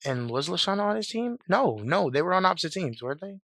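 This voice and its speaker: A hoarse young man giving casual fan commentary, rambling with lots of fillers, restarts and slang. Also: sits high, big pitch swings, fast talker, fairly bright tone, dry recording.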